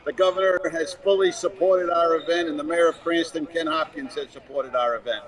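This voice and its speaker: A man with a Rhode Island accent, brisk and friendly, introducing guests at an event. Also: fairly high pitch, fairly even intonation, poor audio. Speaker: event organizer. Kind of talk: casual chat.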